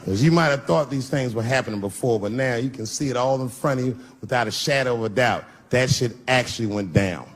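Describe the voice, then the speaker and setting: Speaking at medium pitch, a little fast and with few pauses, a middle-aged man does brash, crude stand-up with mocking asides. He holds a handheld mic on a live stage, and audience noise comes through.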